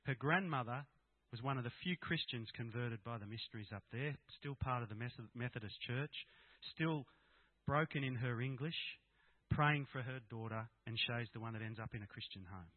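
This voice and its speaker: A man's voice: medium pitch, fairly quick, no echo. A middle-aged Australian man giving a candid, plain-spoken personal talk to an audience of Christian fathers. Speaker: speaker at a Christian fathers' gathering. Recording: tinny, dry phone-like sound.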